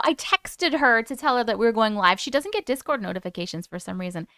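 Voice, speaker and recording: A young woman chats casually on a live stream, reacting to comments and laughing often. Her voice sits a little high and comes across bright and smooth. The sound is dry and close. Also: animated, fast, dry recording. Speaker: YouTube live host.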